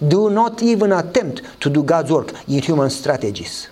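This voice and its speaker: Male preacher, sermon storytelling, high pitch, very lively, faint noise behind. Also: moderate pace, few pauses. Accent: Eastern European. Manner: animated storytelling, acts out dialogue in a higher voice.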